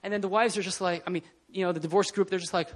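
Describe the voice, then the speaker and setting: A man preaching a casual, animated sermon in a church, often laughing and acting out scenes. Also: high-pitched, rapid-fire. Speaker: pastor. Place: church hall.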